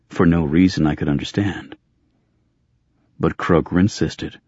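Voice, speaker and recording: Man, audiobook narration, very low voice, husky, dry close sound, dull muffled audio. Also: fairly even intonation, unhurried, pauses often, a little mellow, no echo. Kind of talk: scripted first-person audiobook narration.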